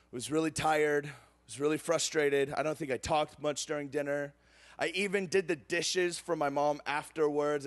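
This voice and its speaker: A young adult man preaching a sermon, telling a personal story with emotional swings from excited to hushed. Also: high voice.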